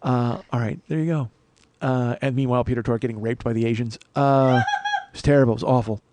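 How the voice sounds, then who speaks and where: A middle-aged man hosting a comedy podcast, rambling through a solo monologue with self-mocking asides and sudden bursts of loud mock-outrage. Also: mid-range voice, fairly even intonation, brisk, no echo. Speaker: podcast host.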